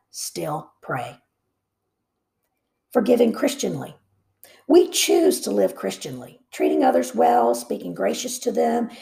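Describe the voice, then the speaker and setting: Gravelly woman reading a devotional book. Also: mid-range voice, warm tone. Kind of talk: reading aloud with brief comments.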